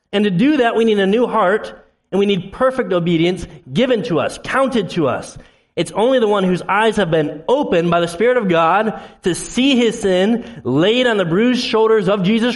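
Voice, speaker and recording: A man preaching a sermon to his congregation, swinging between loud, emphatic passages and low, intense ones. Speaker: pastor. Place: church sanctuary.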